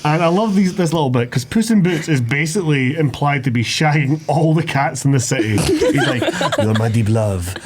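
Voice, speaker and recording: A man's voice: a little high, lively intonation, a little fast, few pauses, background noise. A man co-hosting a podcast, recapping a film in sweary, self-mocking casual chat. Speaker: podcast co-host.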